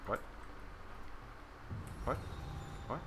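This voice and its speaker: A man's voice: extremely slow, background noise. A man playing a horror game with friends, jumpy and panicky, shrieking and laughing often. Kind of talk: excited gaming chat. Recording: music in background. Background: game music.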